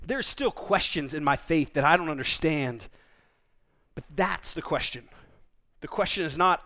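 A man with a notably high voice delivers a sermon as a pastor. He preaches conversationally, telling vivid stories and slipping in quick asides. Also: big pitch swings, a bit bright.

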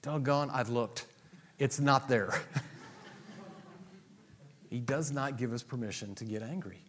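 A man's voice: mid-range voice, a little slow, noisy background. A man preaching a sermon with humor, acting out quotes and laughing at his own jokes, pastor leading a congregation. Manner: animated, humorous, acts out quotes. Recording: long hall reverb.

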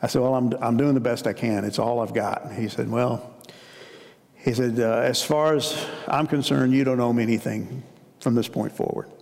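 A man's voice: medium pitch, steady tone, normal speed, gravelly, darkish tone. Man preaching in a reverberant hall. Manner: storytelling, conversational preaching. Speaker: pastor. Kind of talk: sermon.

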